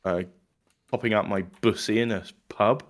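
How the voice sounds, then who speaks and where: A man from Cork with an Irish accent, chatting and joking loosely with friends as a podcast co-host, with halting restarts. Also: lowish voice, fairly even intonation. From Cork, Ireland. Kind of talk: casual chat among friends.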